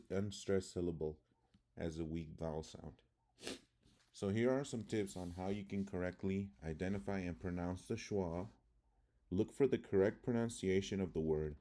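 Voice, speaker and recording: A man teaching English pronunciation, reading word lists deliberately one by one and explaining calmly. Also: low voice. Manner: deliberate, reads words one by one.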